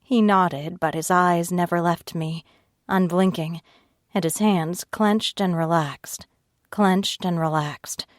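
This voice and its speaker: A woman narrating an audiobook in first person, reading at a slow, steady pace and raising her pitch for the other characters' lines. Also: dry recording, studio quality. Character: tearful frightened young woman narrator, Ivy.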